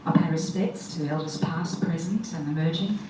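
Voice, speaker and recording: A woman leads a wedding ceremony, talking to the gathered guests in a chatty, upbeat way. Her voice sits a little low, and it comes from some distance off. The sound is heavily echoey, with clear background noise. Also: moderate pace. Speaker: wedding celebrant.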